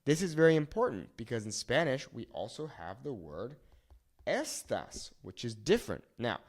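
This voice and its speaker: Animated man teaching. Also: medium pitch. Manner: animated, repeats words slowly for pronunciation. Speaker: Spanish teacher. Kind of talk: whiteboard lesson.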